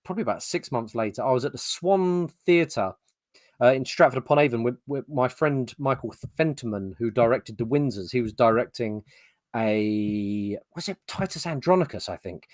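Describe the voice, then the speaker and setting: A man's voice: mid-range voice, expressive, moderate pace, no room sound, studio quality. An English man co-hosting a podcast, telling casual stories in a chatty way with the odd swear word. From England. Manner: chatty storyteller, swears freely. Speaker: podcast co-host. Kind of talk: casual chat. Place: podcast setup. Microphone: podcast mic.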